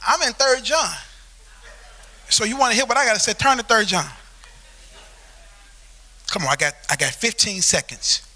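A man preaching a sermon as pastor, telling a story in an animated way that swells into shouting. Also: high voice, normal speed, long pauses. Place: church sanctuary.

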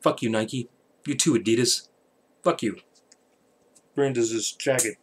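A man talks to his viewers late at night, wandering from topic to topic. He jokes and swears freely in a relaxed, offhand way. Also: medium pitch, a little slow, slight background noise. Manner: rambling, profane, joking. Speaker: channel host. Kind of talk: rambling late-night channel update.

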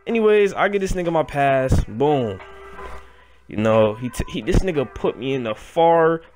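Animated young man telling a story. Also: fairly high pitch, moderate pace, soft background music. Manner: animated, profane, rambling retelling. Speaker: vlogger. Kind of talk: storytime vlog.

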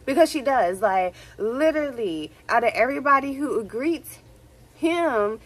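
A young woman with a Houston accent, telling a story to her vlog in a casual, animated way, full of swearing and "like, literally" fillers. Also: high voice, normal speed, poor audio. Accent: Southern US, Houston. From Texas, USA. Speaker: vlogger.

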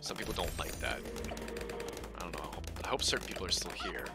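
A man streaming a game, rambling and swearing, swinging between loud outbursts and low mumbling. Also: very animated, fast talker. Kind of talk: casual live-stream commentary. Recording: faint game music behind.

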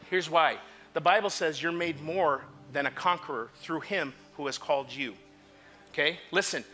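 A male pastor preaching an impassioned sermon in a church, moving from quiet asides to shouts. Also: on the high side. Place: church sanctuary.

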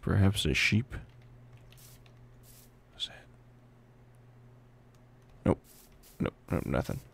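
A man's voice: low voice, animated, very slow, gravelly, husky. A man giving casual let's play commentary and playfully chatting to the animals in the game. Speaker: gameplay commentator.

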